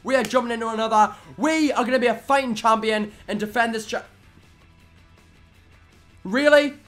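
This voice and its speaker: Brief: young male let's-player, very high voice, excitable, mutters then yells at the game. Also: normal speed, soft background music. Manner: excitable, yelling at the game, swings from muttering to screaming. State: voice going hoarse from shouting. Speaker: gaming commentator. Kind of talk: live let's-play commentary.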